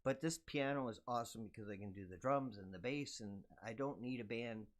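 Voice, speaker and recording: An older man, a musician, chatting casually in a humble, soft-spoken and agreeable way. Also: mid-range voice, fairly quick. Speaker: musician guest. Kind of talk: casual conversation.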